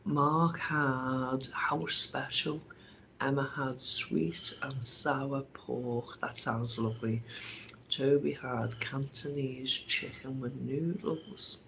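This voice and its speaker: A man's voice: mid-range voice, fairly even intonation, takes it slowly, creaky, bright, forceful tone, slight background noise, poor audio. A man from England hosting a live stream, chatting casually, often laughing and teasing. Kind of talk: casual chat.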